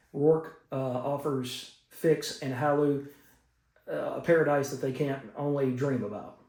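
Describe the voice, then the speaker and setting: A man's voice: mid-range voice, mellow. A man giving a casual, enthusiastic comic book review, recapping stories with fillers. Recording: roomy echo.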